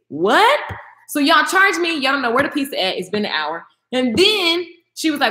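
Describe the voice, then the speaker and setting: A young woman hosting a relaxed livestream talks back to her viewers' comments at a fast clip. The room echoes, and her animated voice goes high when excitement hits.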